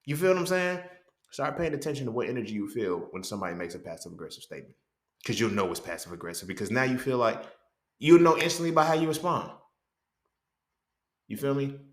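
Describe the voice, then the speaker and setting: A fast-talking host with a mid-range, fairly bright voice gives a blunt, foul-mouthed casual monologue. He checks in with the listener again and again, asking "you feel what I'm saying?", and the room echoes around him.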